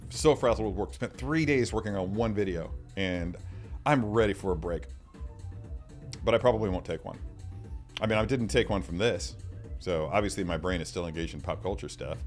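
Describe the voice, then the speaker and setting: A man's voice: low-pitched, moderate pace, faint music behind. A man hosting a casual livestream, reading out viewer comments in a chatty way. He often repeats himself and trails off into mumbled asides. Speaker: livestream host.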